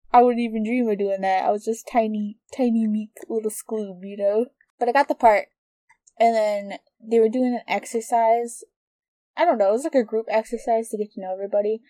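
A woman's voice: medium pitch, warm tone, no room sound. A young woman co-hosting a podcast, telling a rambling story in casual chat with frequent giggles. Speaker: podcast co-host.

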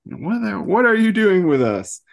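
Man putting on a furious shouting teenage girl. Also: mid-range voice, very animated, unhurried, vocal fry, pitched above the performer's own voice. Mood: angry. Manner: shouting, exasperated.

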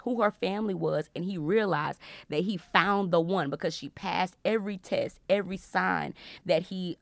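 Animated young woman teaching the Bible. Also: fairly low pitch, vocal fry, dry recording. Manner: animated, laughs loudly and often, playful preacher tone. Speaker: faith podcast host.

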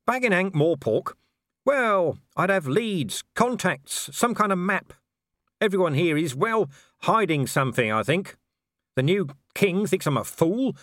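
A man's voice: high voice, very animated, a little slow, fairly bright tone, no echo, clean studio sound, voice pushed up, exaggerated voice. A man voicing a blunt, weary commander of the city watch who speaks dryly and impatiently. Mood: grumbling, wry.

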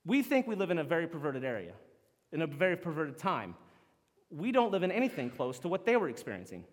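Man, pastor preaching, high voice, long hall reverb. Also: fast. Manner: animated preaching, acts out quoted lines. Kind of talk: sermon.

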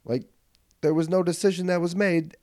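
A man hosting a podcast, telling a comedic story in casual chat. He swears freely, laughs as he goes, and swings from low mutters to loud outbursts on a studio mic. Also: moderate pace, no echo. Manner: animated, swings from mutters to yelling. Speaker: podcast host.

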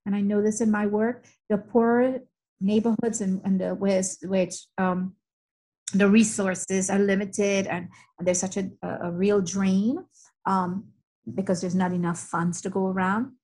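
A woman's voice: mid-range voice, little pitch movement, unhurried, dark tone, rough recording. A middle-aged woman, a family friend, talking emphatically in casual conversation and repeating her points for weight.

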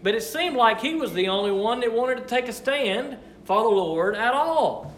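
A man leading a Bible study, reading verses and explaining them in a conversational, expressive way. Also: very high-pitched, moderate pace. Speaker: Bible teacher. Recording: echoey room, faint noise.

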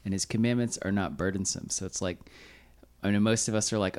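A man's voice: on the low side, steady tone, a little fast, a little mellow. A man speaking as a guest on a church podcast, reflective and casual with many "like"s. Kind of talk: conversational Bible discussion.

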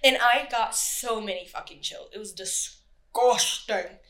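A woman's voice: a little high, a little slow, a bit bright. A woman co-hosting a podcast, telling a true crime story in casual, chatty talk, swearing freely and acting out what people said. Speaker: podcast co-host.

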